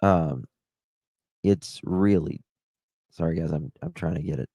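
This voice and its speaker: A man hosting a true-crime livestream, talking in a halting, distressed way as his voice drops low. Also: gravelly, warm tone, slightly rough, no echo. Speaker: livestream host.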